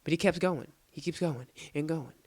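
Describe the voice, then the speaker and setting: Over gameplay footage, a late-teen young man casually tells a crude, rambling story with an animated retelling. His voice is a little high at normal speed, and the recording is dry.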